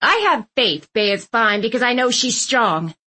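Woman putting on a deadpan, bossy elderly great-aunt. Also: fairly high pitch, normal speed. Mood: stern. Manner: deadpan, snappish, commanding.

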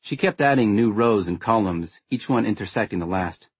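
A man narrating a first-person story in a wry, understated way, with a husky tone. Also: on the low side, expressive, normal speed, few pauses, no room sound. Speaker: audiobook narrator.

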